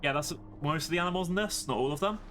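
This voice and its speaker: A man's voice: on the high side, rapid-fire, fairly bright tone, slight background noise. A British man streaming a game live, chatting playfully and rambling to his chat.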